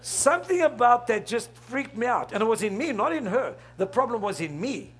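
A middle-aged pastor preaches with a husky, high-pitched voice. He keeps throwing questions out to the congregation and laughing with them as he goes. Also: sing-song, moderate pace, fairly bright tone. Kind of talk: sermon.

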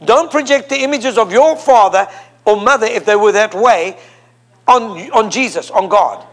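High-voiced preacher leading call and response. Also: male voice, animated, normal speed. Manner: leads the congregation in call and response; emphatic, repeats phrases for effect. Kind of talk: sermon. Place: church before a congregation.

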